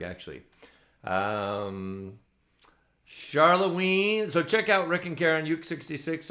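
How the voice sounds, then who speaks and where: A man's voice: medium pitch, a bit bright. A man hosting an online ukulele play-along, signing off casually in a loose, rambling way with many ums. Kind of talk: casual sign-off to online viewers.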